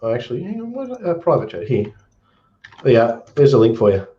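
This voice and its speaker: A man's voice: medium pitch, very animated, a little fast. An Australian man hosting a casual chat, reading comments aloud in a rambling, good-humored way. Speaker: host. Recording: roomy, dull lo-fi sound.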